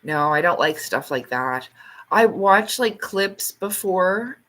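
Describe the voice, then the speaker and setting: Chatty woman host on a casual livestream, rambles, laughs easily, swears lightly, jumps into high squeaky voices when quoting people. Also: lively intonation, takes it slowly. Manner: reads out and answers viewer comments; acts out quoted lines in sharp, much higher bursts.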